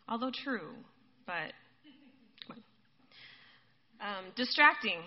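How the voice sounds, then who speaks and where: Woman preacher, easygoing sermon, voice a bit high, muffled lo-fi sound. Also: lively intonation, unhurried, pauses often. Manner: conversational, addresses listeners as guys, laughs often. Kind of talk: casual sermon. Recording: dull lo-fi recording.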